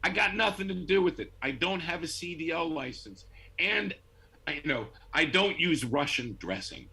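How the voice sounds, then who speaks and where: Husky, bright-voiced storytelling man. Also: fairly high pitch, normal speed, poor audio. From Buffalo, New York. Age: middle-aged. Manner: animated storyteller, acts out quoted voices, laughs often. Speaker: guest. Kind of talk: casual interview chat. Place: home.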